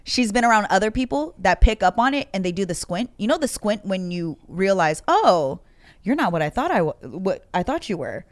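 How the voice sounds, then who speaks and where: A woman co-hosting a podcast in casual chat, from the Bay Area, telling stories with quick asides. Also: mid-range voice, sing-song, no room sound. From San Francisco Bay Area. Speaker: podcast co-host.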